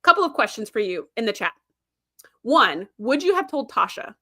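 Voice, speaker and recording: Bright, chatty woman livestreamer. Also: fairly high pitch, normal speed. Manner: animated, chatty, laughs often. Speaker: livestream host. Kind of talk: casual fan commentary.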